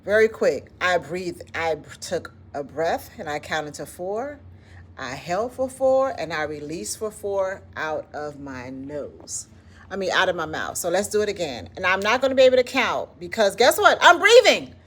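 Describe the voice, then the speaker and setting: A woman's voice: fairly low pitch, very animated, moderate pace, a little hiss or hum. A woman with a Southern US accent, founder of an educators' wellness club, talking casually and encouragingly about self-care while guiding a breathing exercise, often saying "listen" and "like". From Southern United States. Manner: encouraging, conversational, drops in "listen" and "like".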